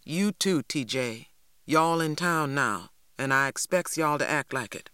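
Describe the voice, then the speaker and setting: Lady playing a stern old granny, gruff low scolding, dry mic. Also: lively intonation, a little slow, bright, forceful tone, dry recording, exaggerated voice. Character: stern old Southern grandmother, gruff and firm.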